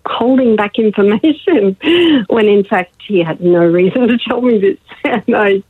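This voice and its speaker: A woman's voice: medium pitch, expressive, a little slow, slightly rough. A woman calling in to a radio show over the phone, telling an embarrassing story and laughing at herself. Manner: laughing, self-mocking storyteller. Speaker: caller. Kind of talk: phone-in chat. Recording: tinny phone line.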